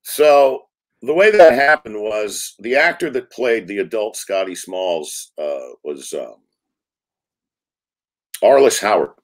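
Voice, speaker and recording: A man's voice: lowish voice, takes it slowly, pauses often. Middle-aged man telling stories. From United States. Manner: animated anecdote-telling, acts out quotes. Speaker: film director, guest. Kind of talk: storytelling interview talk.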